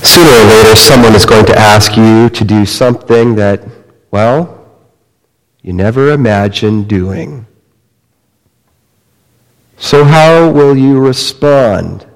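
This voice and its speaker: A man preaching a sermon, retelling a story slowly and dramatically, dropping to a hush and rising again. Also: fairly low pitch. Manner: slow, dramatic storytelling with wide swings in loudness. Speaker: pastor. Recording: long reverb of a large hall.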